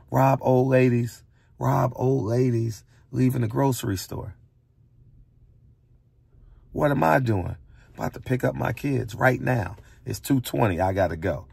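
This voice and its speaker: In a dry recording, a middle-aged U.S. man with a lowish voice, vocal fry, and a breathy edge rants from a barbershop. His heated monologue is blunt and preachy, full of repeated lines and rhetorical questions that hammer each point.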